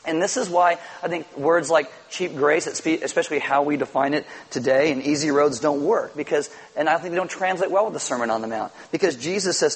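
A pastor in middle age preaches with a slightly husky, raised voice. He tells lively stories to the congregation and acts out bits of dialogue as he goes. His voice sits a little higher than most men's. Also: fairly quick, low-quality recording. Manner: animated storytelling with acted-out quotes. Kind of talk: sermon.

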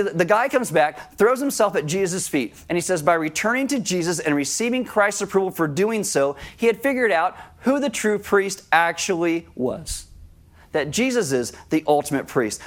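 A man preaching a sermon to his congregation, talking directly to them and acting out scenes with sudden raised voices. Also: fairly high pitch. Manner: animated, acts out scenes with shouted voices; conversational, addresses congregation directly. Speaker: pastor.

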